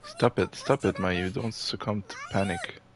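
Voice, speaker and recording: A man's voice: on the low side, huge pitch swings, measured pace. A man reading frightened schoolgirl Mayu. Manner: reading game dialogue aloud. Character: anxious teenage schoolgirl, scared and alone.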